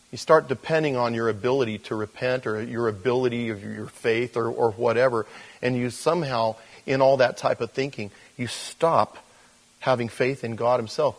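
A man's voice: medium pitch, poor audio. A man preaching a conversational sermon, casual and loose, with many fillers, acting out the voices of people he quotes. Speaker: pastor.

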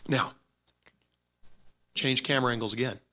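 A man delivering a sermon as a pastor, his voice medium in pitch. He swings between loud, emphatic bursts and quiet, offhand asides, talking informally with repeated words and restarts. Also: fairly even intonation, normal speed.

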